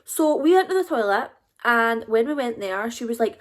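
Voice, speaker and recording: A woman's voice: fairly high pitch, lively intonation, moderate pace. A young woman with a Scottish accent telling a casual storytime to her viewers, chatty and confiding. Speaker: YouTuber.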